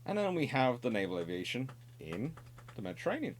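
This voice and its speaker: A man's voice: mid-range voice, big pitch swings, fairly quick, a little hiss or hum. A middle-aged man presenting naval history in an unscripted, discursive explanatory monologue. He corrects himself often and adds wry asides.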